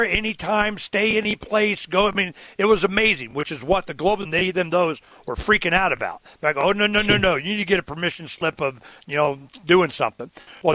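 A man's voice: sits high, sharp tone, no room sound. A man hosting a talk radio show, rambling and irreverent as he argues his point. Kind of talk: casual talk radio conversation.

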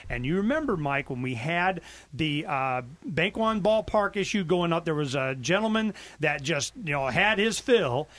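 A man hosting a talk radio show, telling stories and acting out quotes. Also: fairly bright tone. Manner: storytelling, acts out quotes with big pitch swings. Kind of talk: animated talk radio monologue.

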